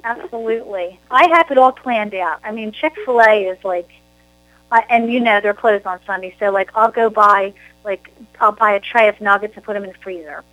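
A woman from New Jersey with a New Jersey accent, hosting a casual chat in a lively, animated way. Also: mid-range voice, moderate pace, dry recording, rough recording. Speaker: host.

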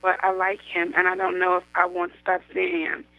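A woman's voice: on the low side, completely flat delivery, a little fast, no echo, lightly acted. A woman voicing an ashamed young woman confessing to her friend, in a pleading, remorseful tone. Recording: dull lo-fi radio sound.

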